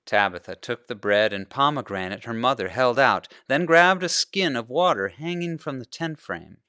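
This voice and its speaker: A male pastor reading a children's storybook aloud, narrating in an expressive way. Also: medium pitch, normal speed, clean tone, no echo, studio quality.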